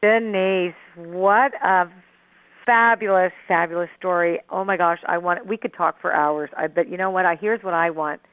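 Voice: mid-range voice, normal speed, clear, resonant tone, no echo. A host chatting casually, affirming the guest's stories and sharing one of their own. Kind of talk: casual conversation. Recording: tinny phone-like line.

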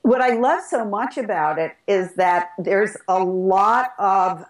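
A woman co-host joins the casual interview chat. Her manner is thoughtful and enthusiastic, and her voice sits at a middle pitch. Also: slow pace.

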